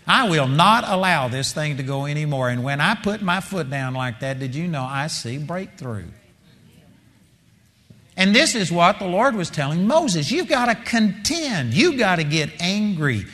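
A middle-aged man preaching a sermon, moving between hushed storytelling and loud, impassioned exhortation. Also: a little high, very animated, a little slow. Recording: long hall reverb.

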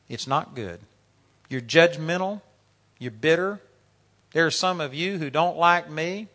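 A man in his sixties preaching a sermon, telling stories in an animated way and often laughing as he talks. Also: a little high. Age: 60s. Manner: animated storytelling, laughing through anecdotes.

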